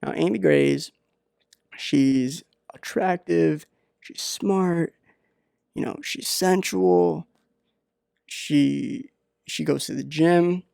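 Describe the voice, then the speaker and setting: A man with a gravelly voice delivers comedic advice in a deadpan ramble, stalling on fillers as he goes. He sounds close and dry, hosting his own podcast. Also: fairly high pitch, no echo. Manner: rambling, halting, many fillers. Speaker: podcast host.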